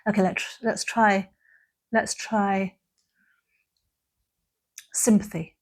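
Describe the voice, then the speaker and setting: A woman giving a gentle, unhurried reflective talk about mental health, sometimes softly acting out phrases. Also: mid-range voice, little pitch movement.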